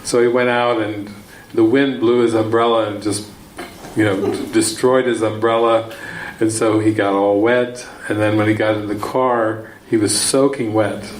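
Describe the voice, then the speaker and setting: A man's voice: lowish voice, little pitch movement, normal speed, a little hiss or hum. A man giving a spiritual teaching talk, telling a story and repeating words for emphasis. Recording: echoey room, faint ambience.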